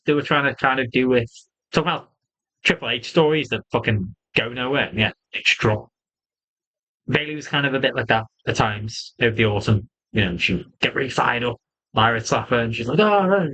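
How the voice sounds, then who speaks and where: Guy ranting about wrestling on his own channel, swears a lot, laughs along, medium pitch. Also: low-quality recording. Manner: swears freely, animated, laughs often. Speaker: wrestling show reviewer. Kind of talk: casual solo review.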